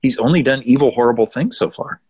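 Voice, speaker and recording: A man's voice: mid-range voice, fast talker, darkish tone, breathy edge. A man co-hosting a podcast, chatting casually and often laughing as he acts out quotes. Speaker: podcast co-host. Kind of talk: casual chat.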